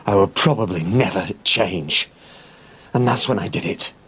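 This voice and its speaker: An actor playing a guilt-ridden father in a TV soap, speaking gravely and remorsefully. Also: deep voice, unhurried, a bit bright, exaggerated voice. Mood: bitter. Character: middle-aged father, guilt-ridden, resigned. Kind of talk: TV soap drama acting.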